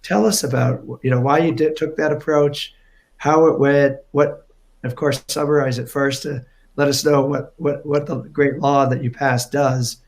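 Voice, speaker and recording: A man moderating a panel discussion, hoarse and losing his voice, talking haltingly with many fillers and restarts. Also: mid-range voice, steady tone.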